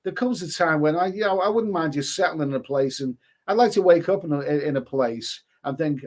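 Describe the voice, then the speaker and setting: A man's voice: a little high, lively intonation, brisk, hardly any pauses. A middle-aged man hosting a casual live stream, sniffling with hay fever, blunt and crude, swearing freely and stammering as he reads viewer comments. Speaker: YouTube host reading live chat.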